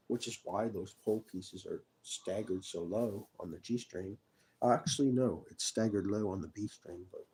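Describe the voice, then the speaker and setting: A man in a rambling personal monologue, halting and restarting with repeated words. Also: on the low side, dark tone, slight background noise, poor audio.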